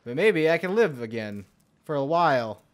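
A man's voice: on the high side, very animated, moderate pace. A young man giving profane, rambling gameplay commentary, muttering to himself and yelping in alarm now and then. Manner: swears a lot, mutters to himself, sudden yelps of alarm. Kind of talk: profane let's-play commentary.

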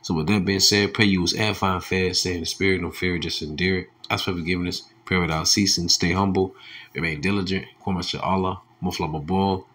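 A heated male preacher, who reads scripture in a low, slow voice and then breaks into angry, mocking street talk. He curses freely and scoffs as he preaches. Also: fairly even intonation, fairly bright tone. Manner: heated, profane, mocking, drops to low tones reading verses. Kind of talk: scripture commentary with angry asides.

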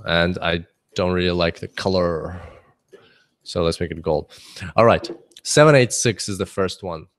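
A man's voice: sits low, unhurried, pauses often. A man teaching a trading webinar off the cuff, chatty, thinking aloud and laughing often. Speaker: forex trading instructor.

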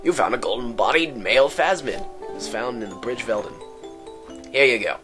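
A man's voice: medium pitch, expressive, a little fast, over music. A man giving rambling, sarcastic commentary while playing a video game. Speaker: let's player. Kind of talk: joking gameplay commentary.

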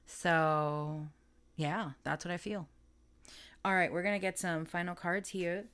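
A woman's voice: fairly low pitch, fairly even intonation, unhurried, fairly bright tone, clean tone. A woman giving a casual, chatty tarot reading, rambling, self-correcting and often breaking into laughter. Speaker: tarot reader.

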